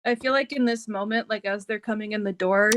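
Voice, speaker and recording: A woman's voice: mid-range voice, fairly even intonation, fairly quick, a bit bright, slight background noise. A woman playing a tabletop game, describing things in a rambling way full of "like". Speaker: player. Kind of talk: casual tabletop play.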